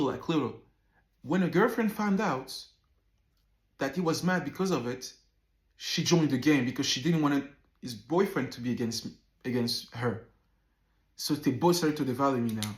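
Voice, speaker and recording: A man in his thirties tells a personal story to camera, animated and loose, often repeating himself and swearing freely. His voice sits a little high for a man. The sound bounces around a roomy, echoey space. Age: 30s. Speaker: vlogger.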